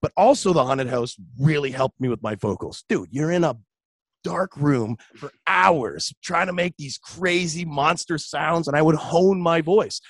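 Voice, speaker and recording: A young man, a radio host, chatting casually in an interview, relaxed and full of "dude" and "like". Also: fairly high pitch, a little slow, no echo. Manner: laid-back, chatty, says "dude" and "like" often. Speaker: radio host and metal vocalist.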